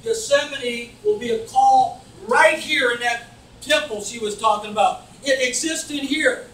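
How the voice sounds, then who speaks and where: A man preaching a fervent sermon as pastor, building to shouts and mocking voices. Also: very high voice, a little slow. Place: church. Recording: echoey church from far off, faint noise. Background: congregation calling back.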